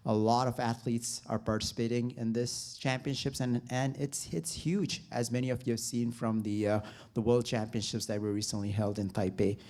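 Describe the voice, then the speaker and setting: A man's voice: mid-range voice, darkish tone. A man who is president of a sports federation, giving an upbeat, loosely worded welcome speech with many fillers.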